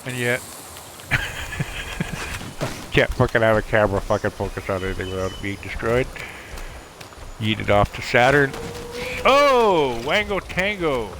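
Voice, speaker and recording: A man's voice: fairly low pitch, normal speed, pauses often, noisy background. A man ranting on a livestream, exasperated and profane while talking over his gameplay.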